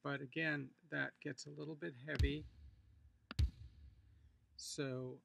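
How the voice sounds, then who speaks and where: Male music instructor, heavy vocal fry, slightly high voice, easygoing screencast explainer. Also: takes it slowly, noisy background. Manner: relaxed, explanatory, thinking aloud with fillers. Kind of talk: screencast tutorial walkthrough.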